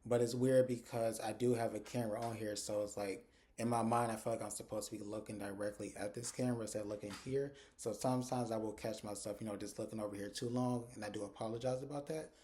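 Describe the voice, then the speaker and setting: A man talks quickly through a review of a TV episode, recording himself on his phone. His voice is dark and mellow, and he slips the characters' lines into his quick recap. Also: lowish voice, steady tone. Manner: retells scenes, acting out characters' lines in quick quotes. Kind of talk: casual recap. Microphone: phone camera.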